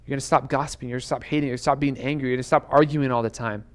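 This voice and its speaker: A man's voice: medium pitch, fairly even intonation, rapid-fire. A young adult man preaching to students, earnest and urgent, who keeps repeating rhetorical questions. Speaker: youth pastor. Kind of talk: sermon to students. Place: church youth room.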